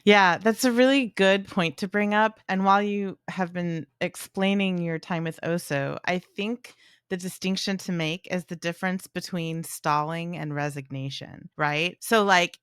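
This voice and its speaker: A woman's voice: on the low side, a little slow, fairly bright tone, clean tone, no room sound, clean studio sound. A woman co-hosting a podcast about dogs, talking animatedly with lots of "like" and playful dog voices. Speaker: podcast co-host, dog trainer. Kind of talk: casual conversational chat.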